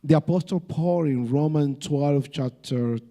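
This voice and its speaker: A man's voice: fairly high pitch, mellow. A man speaking at a church family seminar alongside his wife, joking with her affectionately. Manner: slow, affectionate banter.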